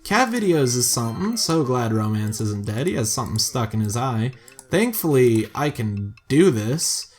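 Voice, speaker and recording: A man hosting a casual let's-play, talking through his moves in a chatty, self-mocking way with excitable bursts. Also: medium pitch, normal speed, faint music behind. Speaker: gaming video host.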